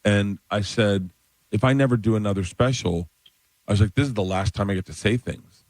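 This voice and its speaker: A man's voice: a little fast, no room sound. A man in his fifties, a comedian telling stories on a radio show, acting out the voices of the people in them. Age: 50s. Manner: animated storyteller, acts out quoted voices in a higher pitch. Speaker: stand-up comedian guest.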